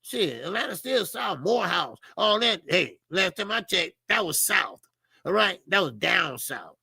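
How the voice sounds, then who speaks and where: A man's voice: sits high, big pitch swings, unhurried, gravelly, sharp tone, husky, no room sound. A middle-aged man with a Southern US accent hosting a loose, laughing boxing chat and swearing freely. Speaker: boxing show host. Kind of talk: casual live-stream chat.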